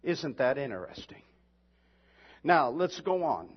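A pastor preaching a sermon and reading scripture, emphatic and building to shouts, with slow, drawn-out reading of the verses. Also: male voice, mid-range voice, sing-song, breathy edge. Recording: dull lo-fi sound in a reverberant hall.

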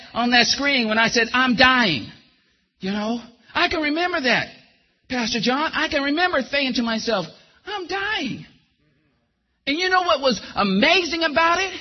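A man's voice: very high voice, husky, dull audio. A man preaching a sermon and giving a testimony, calling listeners by name and asking them questions.

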